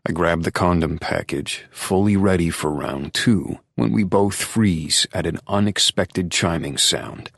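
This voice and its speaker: A man narrating a romance novel in the first person, with measured, low-key storytelling. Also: vocal fry, no room sound, clean studio sound. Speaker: audiobook narrator.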